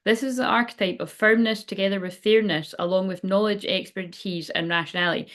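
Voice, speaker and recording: A woman's voice: mid-range voice, fairly even intonation, fairly quick, fairly bright tone. A middle-aged woman giving a casual tarot reading, rambling and frank, swearing freely. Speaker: tarot reader. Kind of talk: casual spiritual reading chat.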